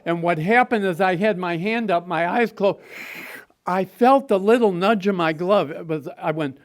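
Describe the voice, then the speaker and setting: A man telling his recovery story as guest speaker at a meeting, animated and self-mocking, laughing and swearing as he goes. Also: high voice, moderate pace. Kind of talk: personal recovery story, told to a group.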